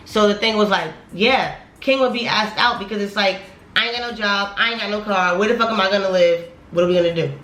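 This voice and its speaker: A young woman vlogger telling a heated storytime, profane and animated, her voice climbing higher when she gets worked up. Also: quick pace. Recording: echoey room with faint music.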